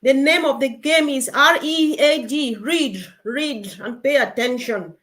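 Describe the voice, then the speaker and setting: Woman hosting a group call, fairly high voice, lively and urging. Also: measured pace. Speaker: meeting co-host.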